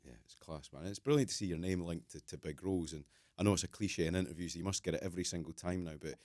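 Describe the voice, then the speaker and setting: Male podcast host, low voice, eager chatty interviewer, dry close mic. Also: steady tone, quick pace, darkish tone, dry recording. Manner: enthusiastic, friendly questioning. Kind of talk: casual interview.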